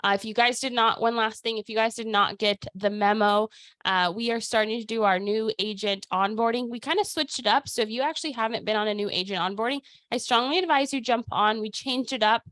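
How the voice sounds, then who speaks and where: A woman hosting a weekly sales team call, talking in an energetic, chatty way with lots of "like" and "dude". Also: on the high side, brisk, no echo. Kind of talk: casual motivational talk on a video call.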